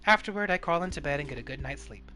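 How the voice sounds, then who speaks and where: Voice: mid-range voice, expressive, fast. A streamer narrating a game on a live stream in a chatty, playful way, over game music.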